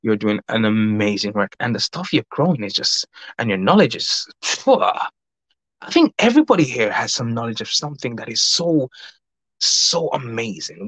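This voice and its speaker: A man hosting a casual livestream, reading out chat and greeting viewers by name, talking in a rambling, fast way. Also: medium pitch, no echo. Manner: rambling, warm greetings, frequent laughs; fast-talking, says his mouth runs fast. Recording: dull lo-fi dry recording.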